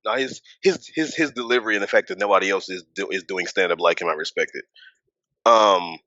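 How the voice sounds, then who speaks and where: A man co-hosting a wrestling podcast, talking in a casual, animated way and swearing, with his voice jumping high when he gets worked up. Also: brisk, no echo, highs cut off. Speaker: podcast co-host. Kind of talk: casual wrestling recap chat.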